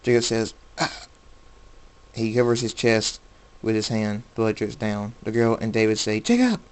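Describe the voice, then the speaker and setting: Low-voiced man reading his own story. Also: completely flat delivery, clean tone, low-quality recording. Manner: plain, unhurried reading with small slips.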